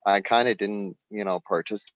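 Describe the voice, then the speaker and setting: A man's voice: lowish voice, fairly even intonation, quick pace, no echo, dull audio. A man co-hosting a casual sports podcast, joking dryly and defending himself. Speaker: podcast co-host.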